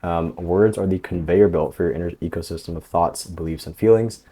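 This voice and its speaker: Male coach, deep voice, relaxed instructional narration, casual fillers throughout. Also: a little fast, husky. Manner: relaxed, loose, lots of fillers like "um" and "like". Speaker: dating coach.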